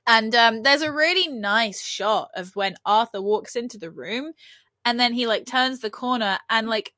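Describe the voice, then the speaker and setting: Woman co-host, fairly high voice, dry close mic, giggly and animated recapping. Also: moderate pace, no echo. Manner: giggly, animated, acts out quoted lines. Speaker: podcast co-host. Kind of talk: casual chat about a TV episode.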